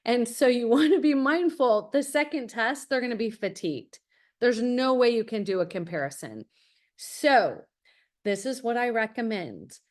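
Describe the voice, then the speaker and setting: A woman's voice: on the high side, expressive, normal speed. A middle-aged woman, a college admissions consultant, talking to parents in a masterclass, direct and full of stories. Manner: direct, anecdotal, acts out quotes. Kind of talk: webinar masterclass talk.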